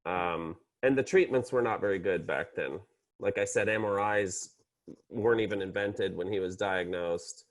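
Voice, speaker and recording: A man in his sixties, a psychiatrist guest chatting in an interview with dry, deadpan humor. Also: deep voice, moderate pace. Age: 60s. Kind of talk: casual interview conversation.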